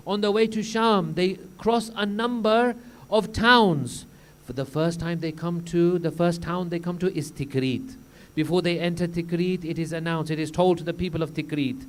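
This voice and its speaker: A man's voice: high voice, moderate pace. A male preacher delivering a mourning sermon, recounting the story solemnly and rising into impassioned cries.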